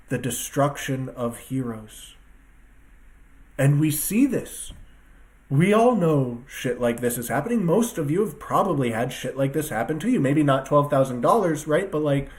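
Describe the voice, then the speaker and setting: Here a man with a medium-pitched, slightly mellow voice rants to his viewers. He's an online commentator at a two-screen computer desk, and his casual solo talk is emphatic, profane and rambling.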